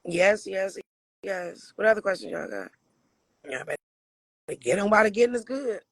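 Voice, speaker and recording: A man from Michigan chats on a livestream in a raspy voice that sits high for a man. He answers viewers' questions bluntly, swears freely and laughs often. The sound is dry and close, with no room around it. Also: animated, normal speed, fairly bright tone, dry recording. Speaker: livestream host.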